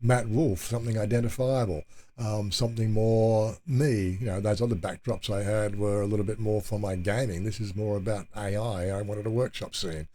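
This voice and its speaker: A man's voice: fairly low pitch, fairly even intonation, normal speed, mellow. Rambling, hesitant male vlogger. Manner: meandering, hesitant, many fillers and restarts. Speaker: channel host. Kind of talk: casual rambling vlog talk.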